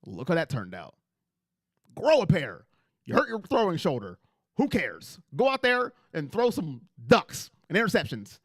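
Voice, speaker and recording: A man's voice: a little high, wildly swooping pitch, normal speed, dry recording, clean studio sound. A man hosting a casual fan livestream on a headset mic, talking emphatically and repeating himself as he speaks straight to his chat.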